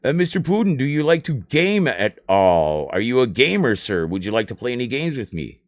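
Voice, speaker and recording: Animated man ranting on stream. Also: medium pitch, normal speed. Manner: animated, excitable ranting with swearing. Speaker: live streamer. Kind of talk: rambling live-stream chat.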